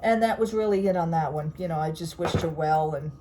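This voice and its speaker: A woman's voice: low-pitched, brisk, warm tone, slight background noise. A middle-aged woman, blunt and chatty, telling a story and quoting what people said. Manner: chatty, blunt, retells conversations with quoted lines. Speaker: vlogger. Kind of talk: casual storytelling chat.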